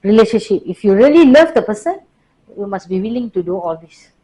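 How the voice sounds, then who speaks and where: A woman teaching a workplace class, lively but slowing for deliberate emphasis. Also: medium pitch, slight background noise, rough recording. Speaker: workplace trainer. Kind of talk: classroom lecture.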